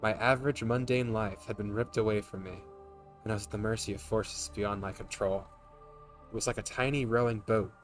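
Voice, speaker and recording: A man reading a tired, bewildered young student's inner monologue aloud from a game, quietly and at an even pitch. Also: fairly quick, faint music behind, natural voice. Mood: weary. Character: weary, bewildered young male student narrator.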